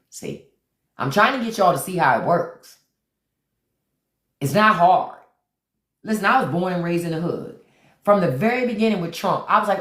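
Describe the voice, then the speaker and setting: A woman hosting a livestream, talking bluntly and preachily, repeating lines for emphasis and greeting viewers by name. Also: fairly low pitch. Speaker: live stream host. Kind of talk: livestream commentary. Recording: echoey room.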